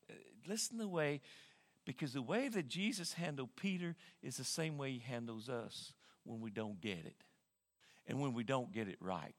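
A male pastor preaching a sermon in an animated way, often repeating words as he thinks. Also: medium pitch. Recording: long hall reverb.

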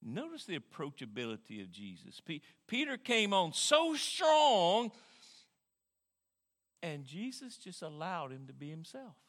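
Animated high-voiced male preacher. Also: measured pace. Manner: animated, repeats words while thinking. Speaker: pastor. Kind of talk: sermon. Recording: long hall reverb.

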